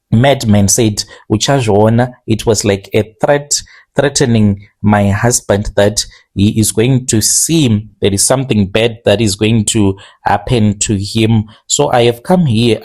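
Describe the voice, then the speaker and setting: A man telling a strange first-person confession in a plain, steady way, slowing down now and then on careful phrases. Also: fairly low pitch. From Zimbabwe. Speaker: confession storyteller.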